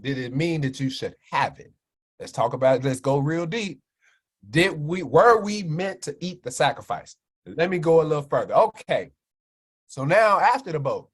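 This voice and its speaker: Animated preachy man. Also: a little high. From Chicago, USA. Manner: animated, keeps asking "right?" for agreement. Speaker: minister and wellness speaker on a livestream. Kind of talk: preachy health talk to a live chat.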